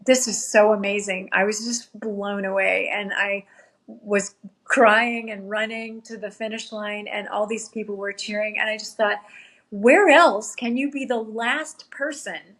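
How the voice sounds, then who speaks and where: Unhurried and fairly bright, this woman's mid-range voice keeps a fairly even intonation. She is a middle-aged podcast guest sharing an emotional story earnestly, occasionally near tears, and she quotes her own thoughts along the way.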